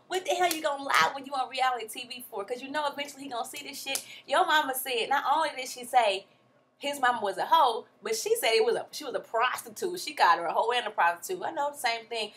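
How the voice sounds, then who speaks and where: Recapping a reality show, a young woman speaks fast in a bright, forceful, slightly high voice. She sounds animated and exasperated, her delivery jumping all over as she gives blunt, slangy, casual commentary. There's a bit of hiss or hum in the audio.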